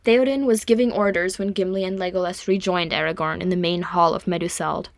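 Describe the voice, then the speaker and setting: A woman reading a fan fiction story aloud in an even storytelling manner. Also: lowish voice, fairly quick, vocal fry, no room sound. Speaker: audiobook reader. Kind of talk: fan fiction audiobook narration.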